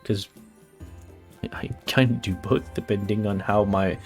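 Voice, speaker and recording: A man streaming a game, excitable and casual, swearing, stammering and humming to himself. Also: lowish voice, unhurried. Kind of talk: casual let's-play commentary. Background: faint game music.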